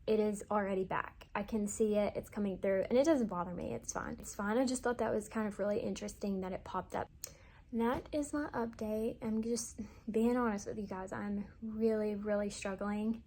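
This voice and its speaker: A young adult woman vlogger with a mellow, medium-pitched voice speaks at a normal speed. She gives her viewers a candid, chatty update, confiding in them and filling her talk with fillers.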